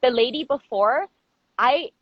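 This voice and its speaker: A woman casually telling a story in a chatty, animated way, often laughing and using lots of "like" and restarts. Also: high-pitched, measured pace, dry recording, lo-fi sound. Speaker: podcast co-host telling a story.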